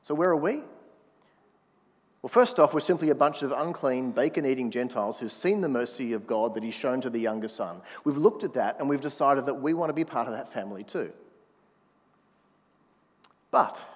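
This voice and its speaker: A man's voice: medium pitch, long reverb tail. A man preaching a sermon in a conversational manner, prodding the congregation to answer back. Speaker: pastor.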